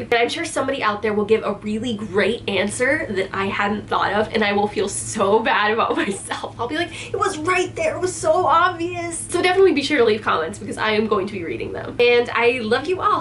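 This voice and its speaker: A young adult woman chatting casually in a vlog, bubbly and giggly with lively jumps in pitch. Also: slight background noise. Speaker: vlogger.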